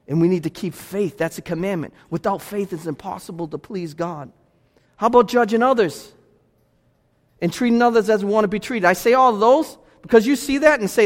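A man preaching as pastor in a church, pressing his points with emphatic repetition. His voice sits high for a man. Long reverb rings off the sanctuary walls. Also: normal speed. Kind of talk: sermon.

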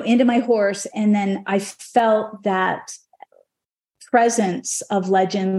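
A middle-aged woman, a horse trainer, telling a personal story on a podcast in an emotional, animated way. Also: medium pitch.

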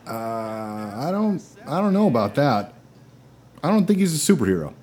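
A man acting in a comedy sketch, with a dry, exasperated deadpan delivery. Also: medium pitch, moderate pace, husky. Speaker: comedy podcast host.

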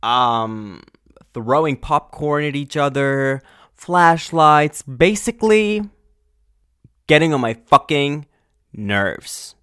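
A male podcast host ranting angrily and profanely in a casual monologue, full of fillers and sudden loud outbursts. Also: on the high side, animated, slow, clear, resonant tone, dry recording, studio quality. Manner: angry, exasperated, profane.

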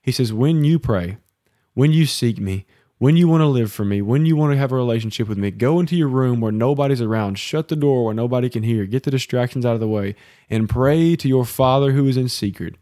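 A man's voice: mid-range voice, fast, warm tone, no echo, studio quality. A man co-hosting a casual devotional podcast from his home office, urging listeners earnestly and teasing his co-host. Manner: earnest, preachy exhortation with teasing.

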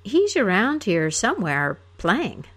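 A bored old king scolds a noisy guest in a peevish voice, as a woman reader puts him on. The lines lurch up and down in pitch and are delivered without hurry. It is a storybook poem told aloud. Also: huge pitch swings, slow, fairly bright tone, husky, full character voice. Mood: irritable.

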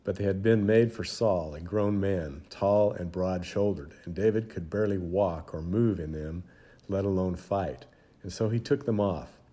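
Deep, mellow male storyteller. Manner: dramatic, measured storytelling. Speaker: narrator. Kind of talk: scripted storybook narration.

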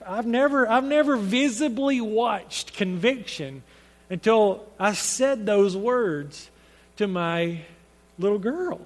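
A man's voice: high-pitched, takes it slowly, big-room sound. A man preaching a sermon, speaking in an earnest, conversational storytelling way with frequent restarts.

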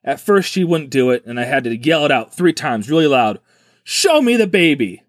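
A man's voice: mid-range voice, brisk, no room sound, studio quality. A man hosting a podcast, retelling a strange story in casual, joking chat and acting out the quotes. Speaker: podcast host.

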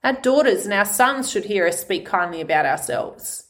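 A woman's voice: medium pitch, expressive, moderate pace, fairly bright tone. A woman hosting a podcast, giving a passionate, heartfelt motivational monologue full of emphatic swearing. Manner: heartfelt and vulnerable. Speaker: podcast host.

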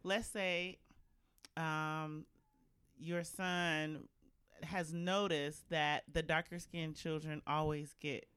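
A woman guest explaining her work in a thoughtful, measured way with some fillers. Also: low voice, flat delivery, fairly bright tone, clear, resonant tone, dry recording. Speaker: guest, diversity practitioner. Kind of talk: interview answers.

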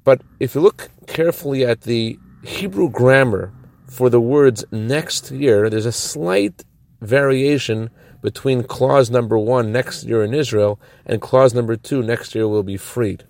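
A rabbi giving a short Torah teaching in a measured, explanatory way, slowing down to stress key phrases. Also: male voice, mid-range voice, creaky, a little mellow.

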